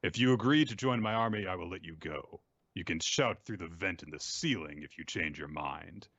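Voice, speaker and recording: A man's voice: low voice, animated, moderate pace, a bit bright, dry recording, muffled recording. A man hosting a podcast who casually recaps comic chapters and mimics the characters' lines as he retells scenes. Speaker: podcast host.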